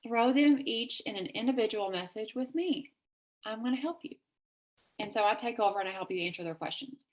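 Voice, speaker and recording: A woman from Kentucky with a Southern accent, giving an energetic, chatty sales pitch over a video call and acting out quoted messages with big jumps in pitch. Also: fairly quick. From Kentucky, USA. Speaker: network marketing presenter.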